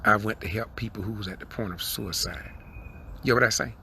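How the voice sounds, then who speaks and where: A man's voice: fairly low pitch, a little fast, vocal fry, pushed and bright, slight background noise. Older man in his sixties, a preaching commentator who drives hard at each point from behind the wheel. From southern Georgia, USA. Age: 60s. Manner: fiery, preacherly, repeats points, rises to emphatic peaks. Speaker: independent video commentator. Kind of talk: impassioned preaching monologue. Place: in a car while driving.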